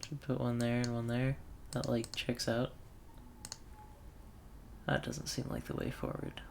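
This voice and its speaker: A man's voice: medium pitch, flat delivery, unhurried, creaky, slight background noise. A man thinking aloud in wry self-talk while commentating a puzzle game. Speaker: let's play gamer.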